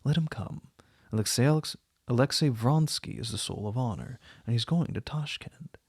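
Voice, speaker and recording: A man's voice: mid-range voice, moderate pace, vocal fry, a little mellow, husky, no echo, studio quality. A man voicing a sarcastic, fashionable society princess with an affected, mocking manner, in an audiobook reading.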